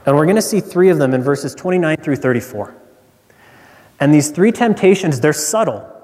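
A man's voice: fairly high pitch, expressive, normal speed, a little mellow, big-room sound. A man preaching a sermon as a pastor, earnest and emphatic, who repeats his key lines for weight.

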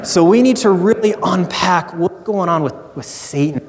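A man's voice: high-pitched, fairly quick, hardly any pauses, big-room sound. A man preaching a sermon as pastor, conversational and storytelling.

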